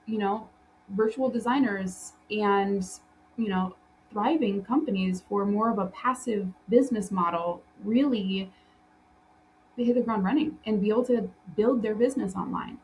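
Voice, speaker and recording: A woman's voice: medium pitch, slight background noise, low-quality recording. A woman hosting a solo podcast, talking loosely with lots of fillers and restarts and often breaking into laughter. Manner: laughs often while telling stories. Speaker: podcast host and interior design business coach.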